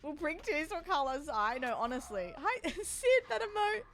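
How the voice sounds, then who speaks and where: High, lively excitable woman streamer. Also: normal speed, noisy background. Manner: excitable, chatty, breaks into frightened screams. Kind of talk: casual live-stream chat while gaming.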